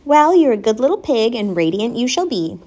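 Brief: wise, patient female spider, gentle but firm, high animated voice, as a woman reads her in a storybook. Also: fairly quick, dull audio. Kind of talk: storybook reading.

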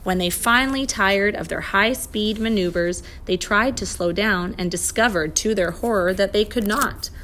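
Woman narrator, storybook reading, expressive, mid pitch. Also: normal speed, hardly any pauses, a little hiss or hum. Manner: expressive, voices the characters.

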